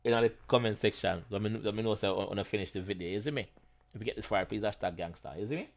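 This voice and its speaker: A man with a Jamaican accent hosting a reaction video, chatting casually in patois-flavored English, animated and often repeating himself. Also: lowish voice, fast, vocal fry. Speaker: reaction channel host.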